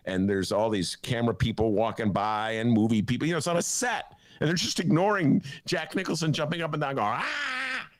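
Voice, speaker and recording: A man's voice: medium pitch, no room sound, studio quality. A man hosting a talk show, telling a rambling, jokey story in casual banter. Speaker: host.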